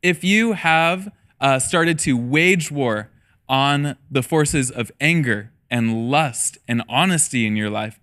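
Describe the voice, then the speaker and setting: His voice is fairly high and a bit bright: a man in his thirties who pastors middle schoolers, giving a relaxed sermon full of personal anecdotes, jokes and laughs.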